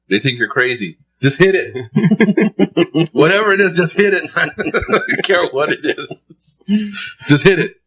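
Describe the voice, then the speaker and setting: A man's voice: a little high, pushed and bright. A man in a casual chat among friends, insistent and emphatic, with laughs in between. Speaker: podcast co-host.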